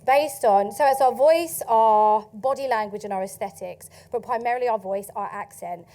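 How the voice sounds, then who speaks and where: Essex woman, conference speaker, high and bright, chatty, laughs easily. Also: normal speed. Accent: Essex English. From England. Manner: lively, chatty, laughs often, asks the audience questions. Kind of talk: keynote talk to a live audience. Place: conference stage.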